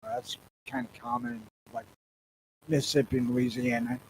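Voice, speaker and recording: A man's voice: medium pitch, level tone, moderate pace, slight background noise, low-quality recording. A man from the northern US telling stories bluntly as a podcast co-host, swearing freely. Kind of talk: casual crude podcast banter.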